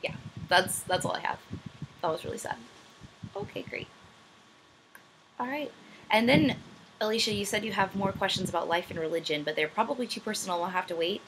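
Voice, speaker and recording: A woman's voice: medium pitch, a little fast, pauses often, background noise. Hesitant young woman vlogging. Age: young adult. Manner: rambling, self-deprecating, hesitant with many ums. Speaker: vlogger answering viewer questions. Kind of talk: casual chat. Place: room at home, backlit.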